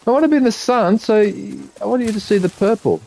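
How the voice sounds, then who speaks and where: A man's voice: high voice, brisk, gravelly, a little mellow. A man chatting casually on a live game stream, muttering to himself and swearing when frustrated. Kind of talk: casual live-stream chat while gaming.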